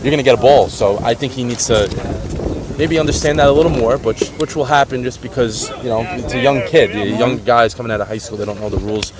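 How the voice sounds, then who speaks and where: A man doing live play-by-play for a baseball game, relaxed and chatty, explaining the rules as he goes. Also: mid-range voice, fast, a crowd in the background. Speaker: play-by-play announcer.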